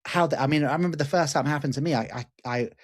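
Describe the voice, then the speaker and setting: A man in his forties, a guest teacher, telling a personal story in an animated, candid way with casual swearing and fillers. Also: fairly high pitch, racing. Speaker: guest, lucid dreaming teacher.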